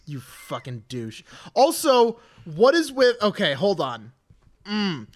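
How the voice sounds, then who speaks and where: A man's voice: sits high, very animated, slow pace. A man co-hosting a comedy podcast, ranting in an exasperated, profane way in casual chat. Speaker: podcast co-host.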